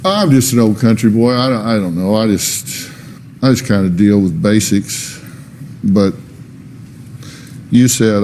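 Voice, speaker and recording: Blunt talk show host, mellow man. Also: fairly low pitch, animated, normal speed, a little hiss or hum. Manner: blunt, probing, sarcastic. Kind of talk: confrontational talk show questioning. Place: TV studio stage.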